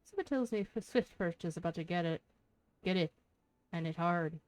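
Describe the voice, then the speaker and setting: A woman voicing a coarse, scheming male tavern keeper in a rough put-on Irish-sounding brogue, reading game lines aloud. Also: medium pitch, normal speed, darkish tone, no echo, close to an everyday voice. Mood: gruff. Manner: swearing, blunt, drawled.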